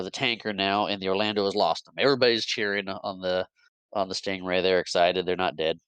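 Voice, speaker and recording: A podcast co-host recaps a movie casually and with animation, full of fillers and restarts, sometimes briefly voicing the characters. His voice is a little low yet bright and crisp. The sound is close and dry, with no room sound.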